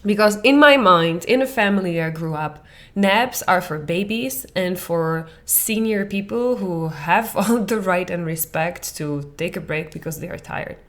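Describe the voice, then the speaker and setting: Woman, podcast coach, lowish voice, animated, hushed then excited. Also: measured pace, few pauses. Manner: animated, swings between soft near-whispers and excited bursts with laughter. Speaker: parenting coach and podcast host. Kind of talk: podcast monologue.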